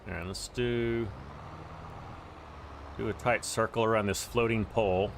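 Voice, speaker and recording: A man's voice: fairly low pitch, fairly even intonation, a little slow, background noise. A man hosting a casual gameplay livestream, chatting to viewers and greeting them by name as he plays. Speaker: livestream host.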